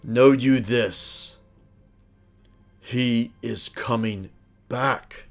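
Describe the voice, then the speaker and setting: A man voicing a huge male troll chieftain who rallies his clans in a loud, slow, commanding voice with old-fashioned phrasing. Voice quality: booming, bellowing. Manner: slow, commanding archaic speech.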